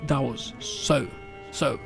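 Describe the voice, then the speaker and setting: A man streaming a game, telling a story in a casual, animated rant with swearing and frequent restarts. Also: mid-range voice, slow, vocal fry. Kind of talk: casual chat while gaming. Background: faint game music.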